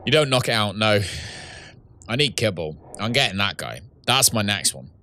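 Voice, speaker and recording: A man's voice: fairly low pitch, very animated, moderate pace, pushed and bright. A man, chatting casually with viewers while playing a game live, reading out chat messages and laughing often. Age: 30s. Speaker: streamer and host. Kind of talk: casual livestream gaming chat.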